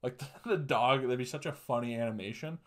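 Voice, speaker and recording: A man's voice: medium pitch, fairly quick, fairly bright tone. A young man hosting a podcast, ranting alone with crude, profane jokes and laughing at his own punchlines. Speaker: podcast host. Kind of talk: solo comedic rant.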